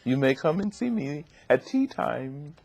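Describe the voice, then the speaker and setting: An older woman with a Southern accent voicing a gracious elderly Southern lady teacher in a rich, plummy, sing-song voice, with slow, precise diction. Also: low voice, sing-song, vocal fry, darkish tone, voice pushed up, full character voice. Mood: gracious, coaxing.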